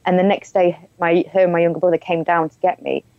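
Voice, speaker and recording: A woman's voice: fairly low pitch, level tone, fast talker, dry recording, phone-quality sound. A woman telling her own story as an interview guest, candid and frank, often breaking into laughter. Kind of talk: personal storytelling in conversation.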